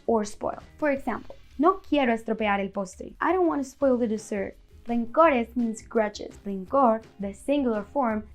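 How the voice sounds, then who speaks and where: A woman narrating a scripted language lesson in a clear, upbeat, explanatory way. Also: on the high side. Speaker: language teacher.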